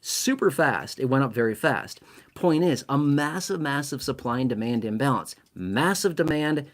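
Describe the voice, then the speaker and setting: A man's voice: medium pitch, expressive, moderate pace. Self-mocking, emphatic male commentator. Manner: self-mocking, emphatic, repeats words for stress. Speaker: finance commentator. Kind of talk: casual commentary to camera.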